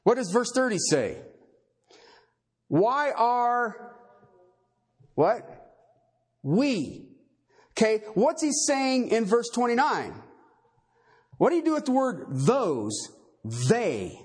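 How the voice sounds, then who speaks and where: A man's voice: very high voice, big pitch swings, slow, long pauses, breathy edge. A man preaching a sermon, emphatic, quizzing his listeners with rhetorical questions and tagging points with "okay" and "all right.". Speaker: pastor.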